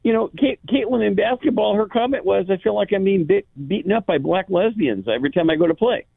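Male phone-in caller, rambling and excited, gravelly with a lively up-and-down pitch. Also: fast talker, dry recording. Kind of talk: phone-in call. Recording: tinny phone line, dry.

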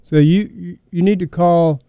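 A man hosting a small radio show, talking casually and hesitantly with many pauses. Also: high-pitched, fairly even intonation, clear, resonant tone, no room sound, dull audio. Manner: hesitant, lots of ums. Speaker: radio host.

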